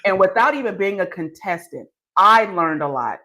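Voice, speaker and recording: Lively teasing woman host. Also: medium pitch, normal speed. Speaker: podcast host. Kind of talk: casual interview chat.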